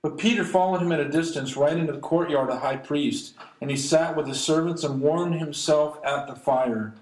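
A man's voice: a little high, darkish tone. Man preaching in an echoey room. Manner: reads verses aloud then comments, slows for emphasis. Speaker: pastor. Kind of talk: expository sermon reading scripture.

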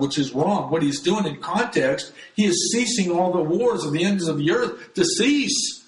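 A man's voice: on the high side, normal speed, hardly any pauses, reverberant, a little hiss or hum, rough recording. A man teaching from the Bible in a conversational sermon style, talking to his listeners as folks. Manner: conversational, addresses listeners as folks, frequent restarts.

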